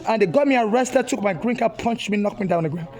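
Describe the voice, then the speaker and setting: Here a protester from Nigeria, a woman, rants angrily indoors in a public building, repeating herself with agitated insistence. Her mid-range, darkish voice is animated and quick, and the audio comes from a handheld phone.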